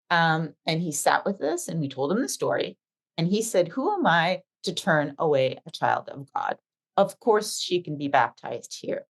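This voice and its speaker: Lively storytelling woman, low-pitched. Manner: animated storyteller acting out dialogue. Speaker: podcast co-host. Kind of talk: casual chat.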